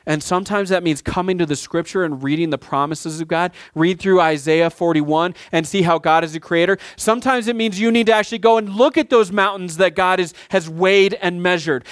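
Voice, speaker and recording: Male pastor in his 30s, slightly high voice, chatty sermon delivery, dry close recording. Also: fairly quick, hardly any pauses, clear, resonant tone, dry recording. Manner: conversational, with frequent "right?" asides and restarts.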